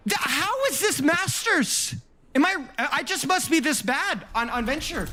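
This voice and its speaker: A man reviewing gameplay in an exasperated rant, repeating himself and often shouting. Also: very high-pitched, expressive, a little slow.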